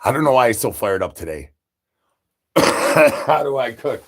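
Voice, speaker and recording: A man rambling through absurd nonsense banter on a comic live stream, breaking into sudden high shouted asides. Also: big pitch swings, a little slow, pauses often. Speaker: livestreamer.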